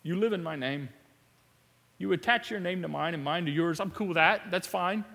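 A calm, patient teacher who stays firm, as a man voices him. The bright voice is quieter than a shout, and it rings in a long-reverb hall. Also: high-pitched, normal speed, vocal fry, exaggerated voice. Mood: gently firm. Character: Jesus, gently firm male teacher.

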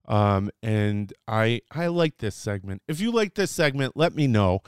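Chatty man with a lively voice. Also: fairly low pitch, unhurried, smooth, dry recording, clean studio sound. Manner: chatty and playful, with fillers and self-corrections. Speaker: host teaching Hebrew words. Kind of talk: casual podcast lesson.

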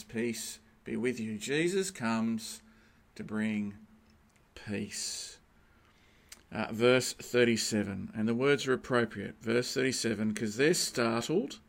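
A man preaching a sermon as pastor, animated and emphatic, rising to peaks and then dropping quiet. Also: mid-range voice, gravelly.

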